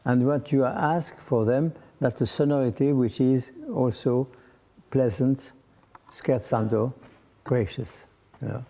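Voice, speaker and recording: An older man with a French accent coaching a young conductor in a concert hall, direct and halting, singing phrases out in syllables. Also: mid-range voice, steady tone, gravelly, dark tone. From France. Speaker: conducting teacher. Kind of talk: masterclass coaching. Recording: roomy concert hall reverb.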